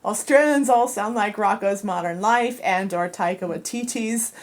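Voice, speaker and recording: A woman co-hosting a radio show, bantering casually and laughing often. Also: mid-range voice. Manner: giggly, fast tangents.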